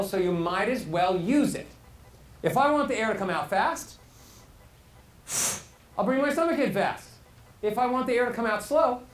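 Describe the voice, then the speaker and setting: Animated male voice coach in a roomy hall. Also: high-pitched. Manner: animated, demonstrative, questions the audience. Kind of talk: live workshop teaching. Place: hall with a live audience. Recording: roomy echo, faint hall ambience.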